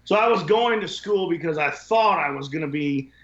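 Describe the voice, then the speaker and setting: A man's voice: a little high, lively intonation, moderate pace, fairly bright tone. A man telling casual stories as a podcast guest, blunt and profane, rambling from one point to the next. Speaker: podcast guest, window cleaning business owner. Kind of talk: casual storytelling. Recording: echoey, dull lo-fi sound.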